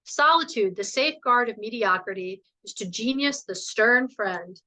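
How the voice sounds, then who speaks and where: Woman reading a calm older nanny quoting poetry. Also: a little high, poor audio. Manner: slow, measured, unruffled.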